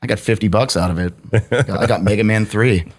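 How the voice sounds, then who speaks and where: A man with a somewhat low voice tells a story with a laugh breaking through. He is a young adult chatting casually on a podcast. His talk is loose, profane and full of amusement. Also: a little fast. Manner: profane, laughing anecdote telling. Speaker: podcast guest.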